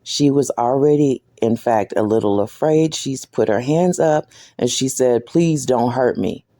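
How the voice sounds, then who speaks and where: A man giving reaction commentary on a video, speaking deliberately with a sarcastic edge. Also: medium pitch, warm tone.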